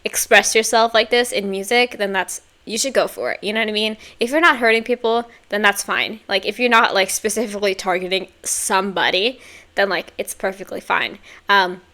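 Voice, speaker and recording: A woman's voice: mid-range voice, steady tone, brisk, sharp tone. A young woman hosting a music reaction, gushing with exclamations and chatty fillers. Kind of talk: casual reaction commentary. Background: faint music playing.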